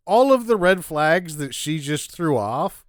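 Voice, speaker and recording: A man's voice: fairly high pitch, sing-song, measured pace, no room sound, clean studio sound. A man co-hosting a comedic movie podcast, sarcastically recapping scenes. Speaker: podcast co-host. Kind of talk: casual comedic movie review chat.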